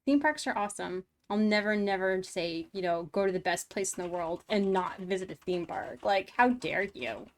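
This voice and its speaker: A woman's voice: mid-range voice, normal speed, hardly any pauses. A woman hosting a live-streamed painting tutorial, talking with her chat in a chatty, bubbly way and laughing often.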